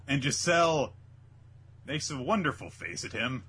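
A man casually recapping an anime episode with a co-host, acting out the characters in quick put-on voices and laughing often. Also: mid-range voice, animated, fairly bright tone, a little hiss or hum. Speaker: podcast co-host.

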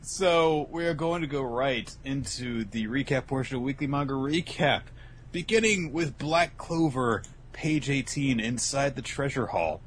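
A man's voice: mid-range voice, lively intonation, measured pace, a little hiss or hum. A man co-hosting a casual comedic podcast, swearing freely and acting out lines in exaggerated voices. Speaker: podcast co-host.

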